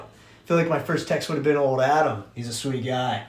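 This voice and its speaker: A young man, a podcast host, telling a story in casual chat, animated and profane, acting out the voices of people he quotes. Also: mid-range voice, brisk. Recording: roomy echo.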